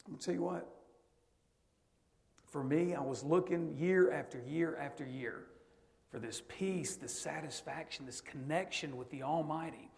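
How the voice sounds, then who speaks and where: A middle-aged man preaching a sermon, telling stories that swing from hushed to loud and emphatic. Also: a little high, moderate pace, gravelly.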